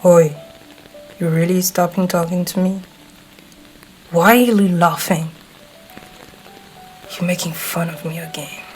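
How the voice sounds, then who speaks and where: A woman voice actor playing a gruff, hot-tempered teenage boy who swears, blusters and gets flustered, speaking to the listener in an audio role-play. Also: on the low side, fairly even intonation, slow, pauses often, darkish tone, faint music behind, rough recording. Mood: grumpy.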